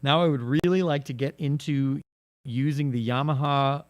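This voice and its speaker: A man's voice: mid-range voice, fairly even intonation, moderate pace, dry recording. Easygoing male radio host reading messages. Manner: easygoing, joking. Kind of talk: casual on-air chat, reading listener messages. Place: radio studio.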